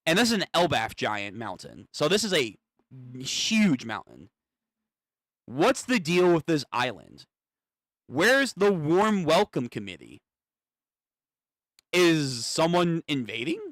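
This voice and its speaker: A man streaming a live manga reaction, thinking aloud, swearing and getting excited as he reads. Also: on the high side, slow, pauses often, dry recording, studio quality.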